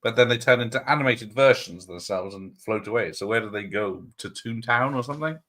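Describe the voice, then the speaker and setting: A man's voice: mid-range voice, a little fast, fairly bright tone, slight background noise. A man chatting casually and joking on a movie watch-party stream, laughing often. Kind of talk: casual chat.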